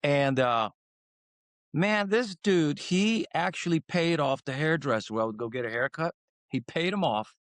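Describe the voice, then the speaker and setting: A man from Croatia, a guest in a casual interview who tells rambling stories with lively swings in his voice. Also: unhurried, no echo. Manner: animated, rambling, acts out quotes with swings in pitch. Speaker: guest singer.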